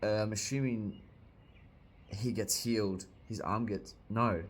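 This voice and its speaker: A man's voice: lowish voice, fairly even intonation, measured pace, slight background noise. A young man casually reviewing a comic, reacting with jokes as he reads along. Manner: chatty, jokey, reacting while reading aloud. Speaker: manga reviewer. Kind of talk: casual read-along commentary.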